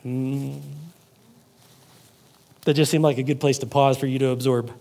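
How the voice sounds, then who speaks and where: A man's voice: mid-range voice, lively intonation, moderate pace, long pauses, a little mellow. A man preaching a casual sermon, repeating words and quizzing his congregation with questions. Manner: repeats words while thinking. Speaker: pastor.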